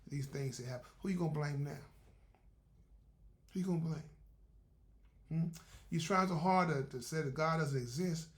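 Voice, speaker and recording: A man's voice: a little high, moderate pace, long pauses. A man giving a faith-based motivational talk in a conversational, repetitive, preacherly way. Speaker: motivational speaker.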